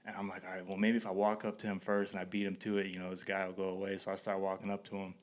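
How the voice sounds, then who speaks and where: Low-voiced guy on a podcast telling a story, chill, cusses a lot, laughs as he goes. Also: monotone, very fast. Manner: laid-back, swears freely, laughs through his story. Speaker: podcast host. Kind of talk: casual storytelling.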